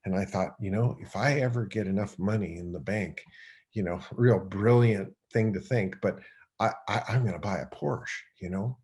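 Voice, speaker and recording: A middle-aged man, a podcast guest, telling a personal story in a rambling, animated way with many restarts. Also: lowish voice, normal speed. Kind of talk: storytelling in conversation.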